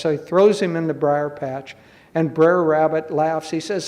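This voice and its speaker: A man who teaches spirituality, explaining slowly and gently and telling a folk tale to make a point. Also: a little high, fairly even intonation. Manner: slow, measured, gently explaining. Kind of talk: spiritual talk with storytelling. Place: college hall.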